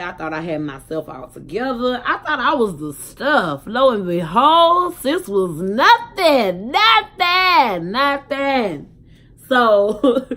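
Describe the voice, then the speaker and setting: A young woman telling a casual story to her viewers, chatty and candid. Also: medium pitch. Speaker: vlogger.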